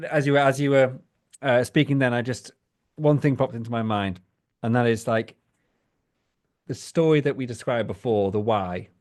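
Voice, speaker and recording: A man hosting a podcast interview, responding in a casual, halting way as he thinks aloud. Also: mid-range voice. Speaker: podcast host.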